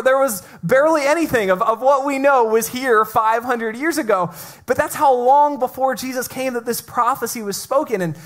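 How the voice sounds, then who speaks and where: A man's voice: high voice, a bit bright. Chatty male pastor giving a sermon. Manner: conversational, with playful asides; often repeats the first word of a phrase.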